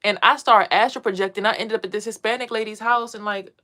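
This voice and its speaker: A woman's voice: mid-range voice, steady tone, fast talker, bright, forceful tone. A woman talking casually to her viewers as a spiritual vlogger, blunt and profane, telling stories with emphasis. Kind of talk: casual monologue to a live chat.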